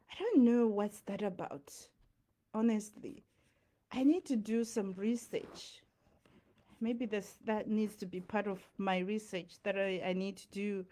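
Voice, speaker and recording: Mellow-voiced woman musing frankly. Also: fairly high pitch. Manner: musing, frank, repeats herself. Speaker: vlogger. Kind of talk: casual reflective talk to camera.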